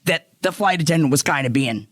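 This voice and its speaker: A woman's voice: low-pitched, expressive, brisk, no echo, studio quality. A woman co-host in casual podcast chat, chatty and swearing casually.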